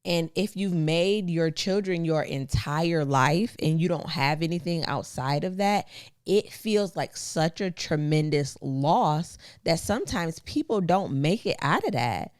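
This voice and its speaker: A woman's voice: deep voice, animated, a little slow, darkish tone, no echo, studio quality. A woman co-hosting a podcast in casual chat, speaking in an earnest, encouraging way. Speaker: podcast co-host.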